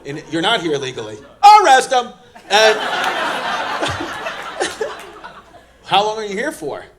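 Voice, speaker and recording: A man's voice: sits high, wildly swooping pitch, slow, noisy background. A man with a New York accent doing brash, profane stand-up and crowd work on a club stage, acting out the people in his stories. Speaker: stand-up comedian. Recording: live club audience. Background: audience laughter.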